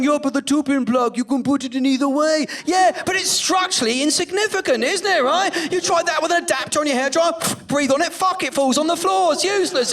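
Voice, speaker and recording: A man's voice: very high voice, fairly bright tone, recorded from a distance. A middle-aged British man doing a sweary, mocking stand-up rant in a comedy club. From Britain. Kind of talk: live stand-up set.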